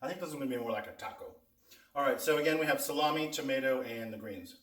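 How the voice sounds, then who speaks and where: A man's voice: mid-range voice, fast, fairly bright tone. Chatty man reviewing snacks in an echoey room. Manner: chatty, talks with mouth full while eating. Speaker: host of a food taste-test vlog. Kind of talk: casual food review vlog. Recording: echoey room, mic at a distance.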